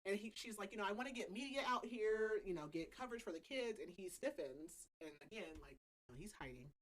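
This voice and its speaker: A young woman hosts a casual podcast chat, walking through a book's story with a lively, swooping voice. She talks loosely, sprinkles in "like" constantly, and breaks into laughter often. Her pitch sits in a middle range for a woman. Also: fairly quick, low-quality recording. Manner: chatty, laughs often, heavy filler "like". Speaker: podcast host. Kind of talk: casual book-club recap chat.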